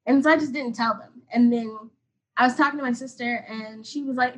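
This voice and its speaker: Husky young woman telling a story. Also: fairly high pitch, fairly even intonation, a little fast, low-quality recording. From Atlanta, USA. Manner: rambling, heavy use of "like", emotional. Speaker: podcast guest. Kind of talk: casual personal storytelling.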